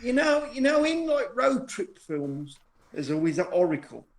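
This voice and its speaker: A man's voice: very high-pitched, sing-song, moderate pace. A man chatting on a podcast, rambling and repeating himself. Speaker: podcast panelist. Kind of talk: casual podcast chat.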